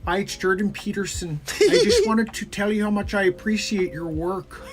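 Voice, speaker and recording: A man doing a comedic impression of an earnest male professor, praising in a measured way. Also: high-pitched, sing-song, voice pushed up, rough recording.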